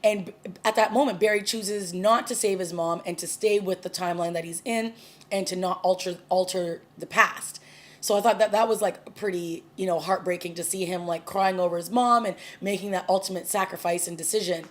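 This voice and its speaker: A woman's voice: lowish voice, fairly even intonation, brisk. A woman recapping and reviewing a TV episode in a casual, chatty way, full of fillers and restarts. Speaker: TV review vlogger.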